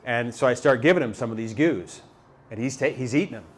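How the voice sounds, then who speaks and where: A man telling a story live to an audience, animated and halting, with many repeated words and fillers. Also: mid-range voice, a little hiss or hum. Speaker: motivational speaker. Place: talk venue with a live audience.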